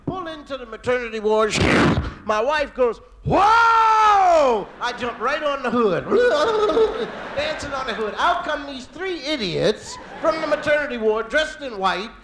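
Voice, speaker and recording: A middle-aged man doing stand-up comedy, telling a story in an animated way and acting out voices with loud yells. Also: very high-pitched, moderate pace, background noise.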